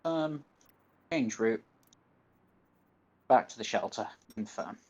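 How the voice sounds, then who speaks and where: A man with a Northern English accent talks his way through a game on a livestream, unhurried and steady, half to himself as he reads out menu choices. His voice sits at an ordinary middle pitch, and the recording is a little dull and muffled. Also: husky. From northern England. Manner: mutters to himself, reading game menus aloud. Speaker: gaming streamer. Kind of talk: live gameplay commentary.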